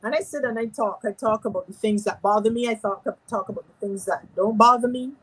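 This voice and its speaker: A woman's voice: a little high, brisk, husky, poor audio. A woman who works as a spiritual medium, telling a personal story with animation and acting out the voices she quotes.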